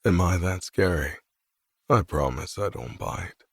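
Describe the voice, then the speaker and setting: A narrator voicing a calm, amused young male hockey player with a deep, gravelly voice and a relaxed, inviting way of talking. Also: moderate pace, no echo, studio quality, heavily acted. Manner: relaxed, inviting, quietly teasing. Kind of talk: audiobook character voice.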